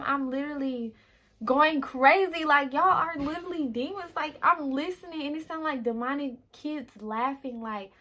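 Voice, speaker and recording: A young woman tells a personal story in a relaxed vlog chat, her voice sitting a little high. She talks animatedly, restarting sentences and calling out to viewers as she goes. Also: low-quality recording. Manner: animated testimony, addresses viewers as y'all, many restarts. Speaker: lifestyle vlogger. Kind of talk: casual storytelling while getting ready.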